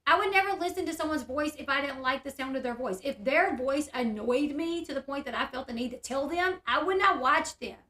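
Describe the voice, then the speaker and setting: A woman's voice: high voice, fairly quick, few pauses, bright, forceful tone, reverberant. Chatty woman streaming. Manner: chatty, candid, reads chat aloud. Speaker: YouTube host. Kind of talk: casual livestream chat. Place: room at home.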